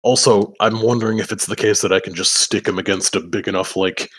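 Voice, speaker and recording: Low-voiced man rambling at a game table. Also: fairly even intonation, brisk. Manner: loose, rambling, swears a lot, laughs between lines. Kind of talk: casual game chat in and out of character.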